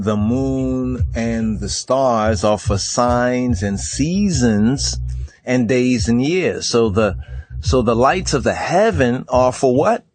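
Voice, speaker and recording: A man's voice: medium pitch, dry recording. A man teaching from a screen share, checking in with "right?" after nearly every phrase and repeating words as he goes. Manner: Rastafari speech, says "I and I". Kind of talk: screen-share lecture on ancient symbols.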